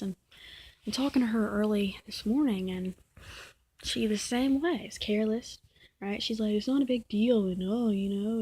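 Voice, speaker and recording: A woman speaks to camera in a personal vlog monologue, her voice deeply husky and breathy. She sits at a middle pitch and keeps restarting her sentences, repeating words as she vents. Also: darkish tone. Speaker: vlogger.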